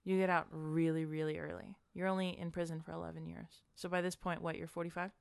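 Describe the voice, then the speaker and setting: Woman telling a made-up what-if story, lowish voice, smooth, dry close sound. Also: little pitch movement, quick pace, no echo. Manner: narrates a wild scenario, quoting characters. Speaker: host posing a hypothetical. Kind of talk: casual improvised storytelling.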